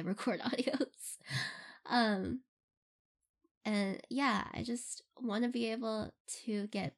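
There's vocal fry in this young woman's medium-pitched voice as she answers questions from fans. An audio role-play creator, she keeps the Q&A casual and rambling, giggling frequently and filling gaps with fillers.

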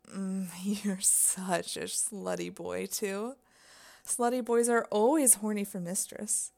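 A woman speaks in a whispered role-play, playing a commanding, teasing partner. Her delivery is unhurried, with a husky fry in the voice. She moves between a soft spoken tone and breathy whispers. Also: fairly low pitch.

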